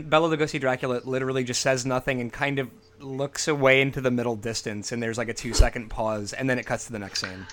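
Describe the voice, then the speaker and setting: A man co-hosting a casual podcast about old horror movies, enthusiastic and full of quick asides. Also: medium pitch, steady tone, a bit bright. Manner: enthusiastic, riffs with quick asides and silly quoted voices. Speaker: podcast co-host.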